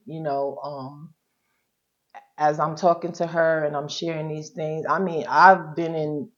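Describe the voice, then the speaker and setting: A woman with a deep, low voice tells her own story as an interview guest, candid and colloquial. She often acts out what she used to say. The recording sounds slightly dull and lo-fi. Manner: colloquial and frank, quotes her own past words. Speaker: interview guest, social worker.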